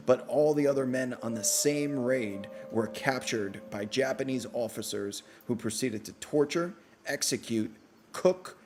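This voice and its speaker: A man's voice: medium pitch, darkish tone. A man hosting a casual live postgame show, bantering playfully with his audience and teasing himself. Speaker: podcast host.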